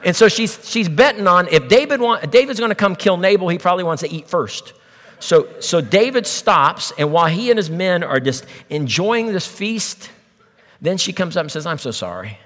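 Middle-aged pastor, fairly high voice, lively sermon, big church reverb. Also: male voice, normal speed. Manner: animated storytelling with jokes and voices.

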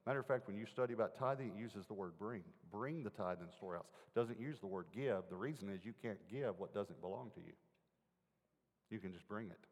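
A man's voice: fairly low pitch, a little fast. A man preaching a sermon, telling a personal story in an earnest, conversational way and putting questions to his listeners. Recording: long hall reverb.

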